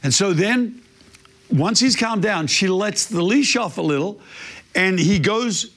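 A man preaching a sermon, telling a story in a lively, animated way. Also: high voice, measured pace. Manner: animated storyteller, imitates barking dog. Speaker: pastor.

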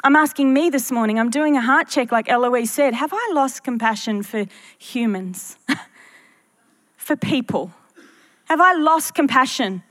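A woman pastor preaching a sermon to her church, earnest and full of rhetorical questions to the congregation. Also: high-pitched.

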